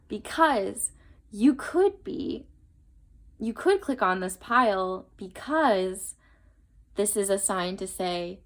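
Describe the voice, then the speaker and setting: A woman's voice: medium pitch, lively intonation, slow pace, fairly bright tone. Chatty young woman reading tarot. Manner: chatty, earnest, many fillers and trailing asides. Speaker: tarot reader. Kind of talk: casual tarot reading to camera.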